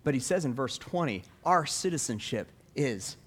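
A man's voice: mid-range voice, animated, moderate pace. A male pastor preaching a sermon, reading scripture aloud and asking the congregation rhetorical questions.

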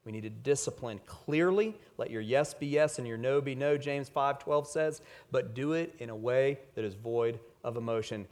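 A man preaching a sermon to parents, emphatic, leaning hard on key words and then dropping to quiet asides. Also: medium pitch, moderate pace, few pauses. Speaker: pastor.

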